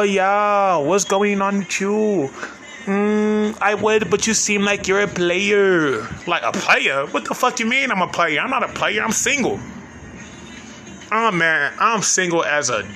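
A man's voice: sits high, gravelly, pushed and bright, a little hiss or hum. A man doing a brash, profane comic rant, full of slang and cursing, rambling with lots of fillers. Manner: loose, rambling delivery with many fillers.

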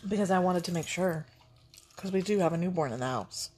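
A woman's voice: on the low side, a little fast, a little mellow, slightly rough. A middle-aged woman chatting casually, a gushing grandmother with lots of fillers. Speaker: vlog co-host, grandmother. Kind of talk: casual breakfast chat.

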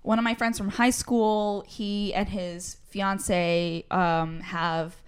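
A woman from New talks as a guest on a podcast. Her voice is smooth and clear. She chats easily and explains with many filler words. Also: medium pitch, little pitch movement, slow. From New York. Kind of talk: casual chat.

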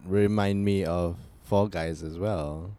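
A man's voice: deep voice, fairly even intonation, takes it slowly, mellow, slight background noise. A man hosting a casual chat who mostly gives brief replies and short comments.

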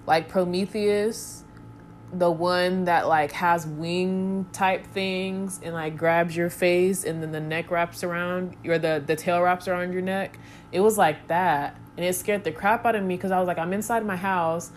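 Chatty low-voiced young woman, rambling. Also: fairly even intonation, unhurried, a little hiss or hum. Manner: rambling, chatty, goofy asides. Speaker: vlogger. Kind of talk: casual chat to camera.

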